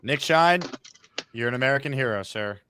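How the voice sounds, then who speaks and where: Brash host of a sports talk show. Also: male voice, mid-range voice, lively intonation, bright, forceful tone, a little hiss or hum. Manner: brash, quick, joking.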